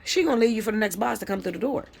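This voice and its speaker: A woman reading tarot live who talks plainly and bluntly, dropping curse words as she lectures. Her pitch sits in an ordinary middle range, and she jumps up sharply when she drives a point home. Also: animated, very fast, vocal fry, husky. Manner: emphatic, swoops up high when fired up. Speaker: tarot reader.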